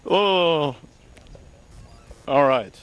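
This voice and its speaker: A man's voice: fairly high pitch, expressive, drawn-out words, fairly bright tone, clean tone. Upbeat man interviewing at an event.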